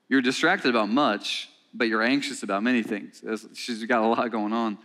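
Male pastor, mid-pitch, animated sermon delivery with lots of call-and-response asides. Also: moderate pace. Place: church sanctuary.

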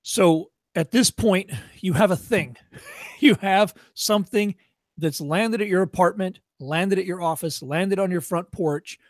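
Male workshop presenter, high voice, dry sound; blunt, profane, tough-love delivery. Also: no echo. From Chicago area. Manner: acts out shopkeepers in quick voices. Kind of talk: workshop lecture.

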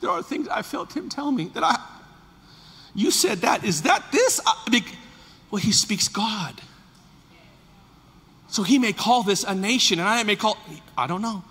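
A man in his fifties, a pastor preaching a sermon, moving from soft, confiding talk to shouted, fervent passages. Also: high-pitched, very animated, measured pace, pauses often, breathy edge, in a large hall. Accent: Californian.

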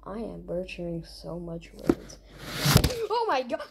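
A young woman hosting a casual countdown, excitable and rambling, recorded at home late at night. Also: on the low side, unhurried, vocal fry, loud music behind the voice. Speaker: video host. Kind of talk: casual awards-style countdown.

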